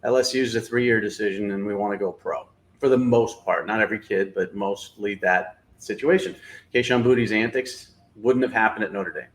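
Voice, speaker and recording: A man's voice: on the low side, moderate pace. A middle-aged man hosting a sports show, giving blunt, opinionated analysis in casual talk with lots of fillers.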